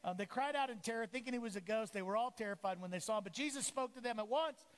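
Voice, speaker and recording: Pastor guy preaching, pretty high voice, acts out bible characters, big church reverb. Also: quick pace. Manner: animated, acts out voices of the disciples and Jesus. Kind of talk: lively sermon. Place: church sanctuary. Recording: echoey church hall.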